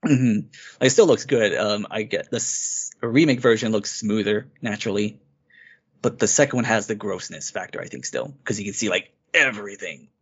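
A man's voice: fairly low pitch, normal speed, husky. A man co-hosting a podcast, casually and eagerly retelling a game's story in a rambling way. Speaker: podcast co-host. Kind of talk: casual game review chat. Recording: dull lo-fi recording.

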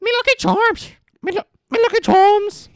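A man putting on a squeaky, hammy mock-Irish voice for a cheery cereal-box leprechaun man who is greedy for his cereal. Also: animated, normal speed, no room sound, clean studio sound. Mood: gleeful. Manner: hammy, sing-song put-on voice. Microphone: podcast mic on an arm.

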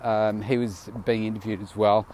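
Tired man rambling in a low voice. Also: little pitch movement, normal speed, darkish tone, a little hiss or hum. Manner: rambling, loose, many fillers and restarts. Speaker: vlogger. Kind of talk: casual audio diary.

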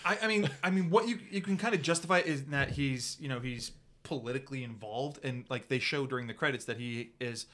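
A man co-hosting a podcast in casual chat, tossing in wry quips and quick agreeing interjections. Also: medium pitch, a bit bright. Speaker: podcast co-host.

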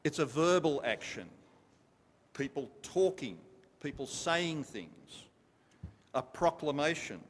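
A man's voice: fairly high pitch, very animated, slow, long pauses. A man preaching a sermon to a congregation, emphatic and repetitive, stopping to ask them questions. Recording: long reverb of a large hall.

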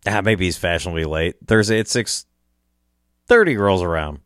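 A man's voice: low voice, normal speed, fairly bright tone, clear, resonant tone, dry recording, clean studio sound. A man hosting a podcast, telling a story casually in a rambling, chuckling way, with restarts and swearing. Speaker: podcast host.

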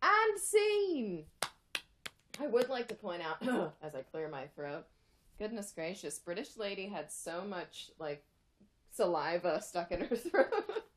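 A woman's voice: fairly low pitch, expressive, measured pace, a little mellow, slight background noise. A young woman reading a fan fiction aloud for laughs, breaking off into sarcastic, rambling asides.

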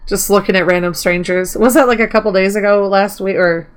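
A woman's voice: medium pitch, steady tone, fairly quick, a loud crowd. Chatty woman co-hosting a gaming chat. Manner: chatty, reads out mod notes. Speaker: podcast co-host.

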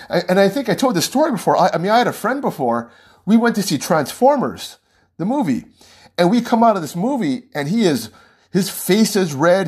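A man's voice: a little high, breathy edge. A man hosting a show, giving a casual, rambling political commentary monologue with frequent chuckles.

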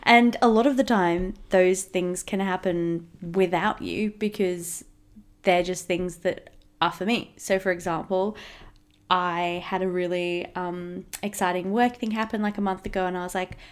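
A woman's voice: fairly low pitch, fairly even intonation, measured pace, clean tone. A woman co-hosting a casual couple's podcast, chatty and rambling, laughing often between thoughts. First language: English. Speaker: podcast co-host.

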